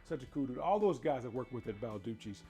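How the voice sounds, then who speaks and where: A man's voice: mid-range voice, lively intonation, fast, mellow, faint music behind. A middle-aged man hosting a cooking show, chatty and playful, talking straight to his viewers as he cooks. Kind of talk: casual cooking demonstration.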